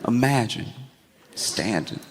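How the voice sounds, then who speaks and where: A man performing a stand-up comedy set, telling stories with animated delivery and quick character voices on a handheld stage mic. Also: lowish voice, vocal fry, a loud crowd. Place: comedy stage before an audience. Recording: reverberant hall with audience noise.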